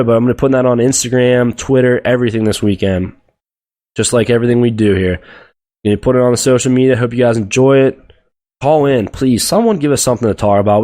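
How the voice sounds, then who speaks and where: A man's voice: medium pitch, dark tone. A young man hosting a solo sports podcast, ranting bluntly and profanely about teams, players and the media. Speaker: podcast host.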